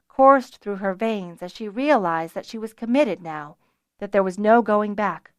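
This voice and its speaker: A woman reads a fantasy audiobook in a measured, expressive voice at a mid-range pitch. The sound is close and dry, with no room around it. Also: dry recording. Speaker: audiobook narrator. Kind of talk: scripted audiobook narration.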